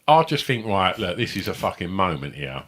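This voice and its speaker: A man's voice: low-pitched, very animated, moderate pace, a bit bright, breathy edge. A middle-aged man, co-hosting a comedy podcast, telling rambling, sweary stories and laughing often. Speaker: podcast co-host. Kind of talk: casual chat.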